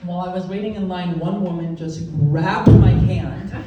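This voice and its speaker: A woman's voice: lowish voice, fairly even intonation, normal speed, muffled recording. A woman performing a stand-up comedy set, playful and laughing between punchlines. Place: live comedy venue. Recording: echoey room, distant mic, loud noise.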